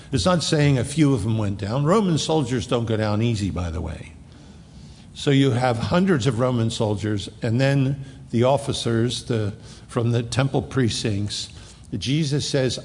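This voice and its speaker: Gravelly-voiced man preaching in a hall. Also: medium pitch, animated, darkish tone. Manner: emphatic, reads scripture slowly then explains conversationally. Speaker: pastor. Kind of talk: verse-by-verse Bible teaching sermon.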